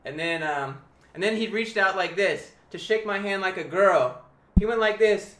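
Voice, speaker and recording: A man's voice: high voice, normal speed, fairly bright tone. A young man chatting casually on a live stream, answering chat with rambling, jokey, profane talk.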